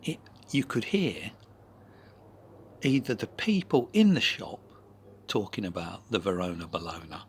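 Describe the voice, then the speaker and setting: A man telling a rambling personal anecdote, full of asides and now and then dropping into a soft whisper. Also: sits low, lively intonation, unhurried, pauses often, slight background noise. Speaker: vlogger.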